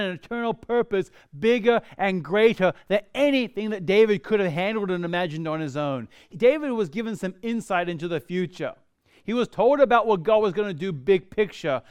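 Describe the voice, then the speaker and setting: A man delivering a sermon in a high, smooth voice. He preaches with animation, swinging his pitch and volume as he acts out quoted pleas. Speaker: pastor.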